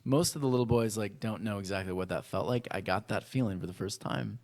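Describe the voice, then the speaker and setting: A male pastor telling a personal story in a sermon, acting out voices from his childhood with lively animation. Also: on the low side, fast. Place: church.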